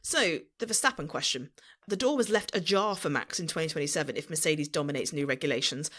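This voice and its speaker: A woman's voice: low voice, expressive, fast, a bit bright. A woman co-hosting a casual podcast, reading out news points and teasing her co-hosts with blunt swearing. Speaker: podcast co-host.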